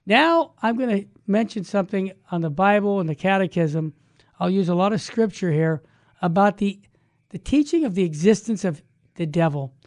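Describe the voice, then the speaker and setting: A man, a Catholic evangelist, telling a story and then teaching in an animated, folksy way. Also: high voice, moderate pace, no echo, clean studio sound.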